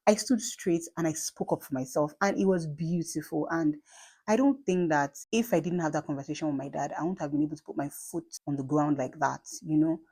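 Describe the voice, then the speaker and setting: Low-voiced Nigerian woman, chatty. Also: fairly even intonation, brisk, warm tone. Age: late 30s. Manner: chatty and emphatic, with repeats and asides. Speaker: vlogger and mother. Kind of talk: casual talk to camera.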